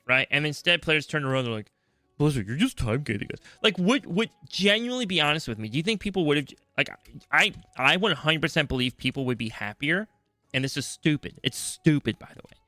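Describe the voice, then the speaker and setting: Male podcast co-host, bright and forceful, ranting casual chat, dry close mic. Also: fairly high pitch, brisk, no echo, faint music behind. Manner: animated, acts out other people's voices.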